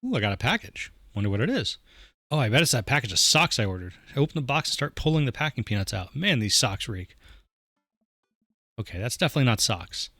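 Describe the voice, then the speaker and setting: Lively guy reading through a dating game out loud, jokey, mid pitch, dead dry sound. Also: fast talker, dry recording. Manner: animated, jokey, voices the player dad with warmth. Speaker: let's play host.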